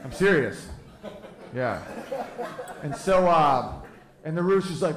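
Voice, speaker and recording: A man's voice: fairly high pitch, lively intonation, slow pace. A man in his thirties doing stand-up comedy, crude and brash as he tells a story. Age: 30s. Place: live comedy venue. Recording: echoey live room, crowd laughter.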